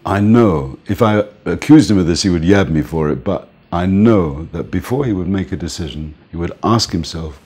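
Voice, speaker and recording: An older man interviewed as a music manager, telling relaxed stories and often laughing and saying "man". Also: low-pitched, moderate pace, hardly any pauses, slightly rough. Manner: relaxed, reminiscing, often says "man", laughs between points. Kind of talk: casual storytelling interview.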